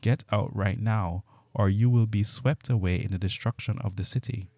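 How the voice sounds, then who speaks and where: Stern angels give urgent commands, as a man reads them aloud. Low and dark in tone, close and dry. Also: fairly even intonation, normal speed, no echo.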